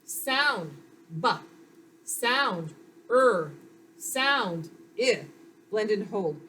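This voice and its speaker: Slow, patient woman teaching phonics. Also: medium pitch, lively intonation, pushed and bright, slight background noise. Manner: slow, patient and encouraging, sounding out letters. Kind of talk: phonics lesson for young children.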